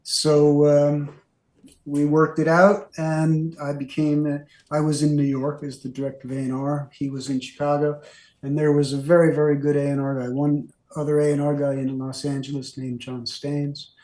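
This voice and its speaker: A man's voice: a little high, completely flat delivery, moderate pace, darkish tone. An older man, a former record executive, telling stories as an interview guest in a rambling, filler-heavy way and acting out the voices he quotes. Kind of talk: anecdotal storytelling. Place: radio studio. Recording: roomy studio echo.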